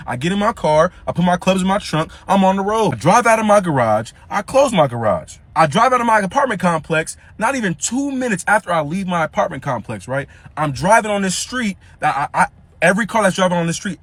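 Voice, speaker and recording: A young man tells a story in a casual, slangy way, acting out each line of dialogue. His voice sits high. It is recorded dry and close. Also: brisk, no room sound. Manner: slangy, animated retelling with quoted dialogue.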